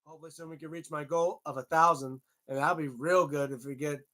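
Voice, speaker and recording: Male streamer, rambling casual chat, some swearing, slightly high voice. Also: steady tone, fairly quick, bright, forceful tone. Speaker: livestream host.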